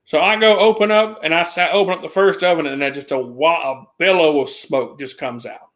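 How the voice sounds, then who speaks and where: A man with a drawl tells a meandering story in a casual chat, his voice sitting somewhat high. He restarts his sentences often and jumps his pitch up to imitate other people. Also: brisk, fairly bright tone. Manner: rambling, restarts, mimics others with a raised voice.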